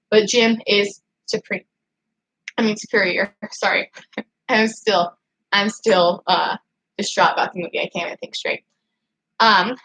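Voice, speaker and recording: On a casual livestream, a woman answers her chat in a rambling, emotional way, still upset from crying and full of nervous laughs and fillers. Her medium-pitched voice is fairly bright, and the rough recording carries a little hiss or hum. She's a livestreaming vlogger.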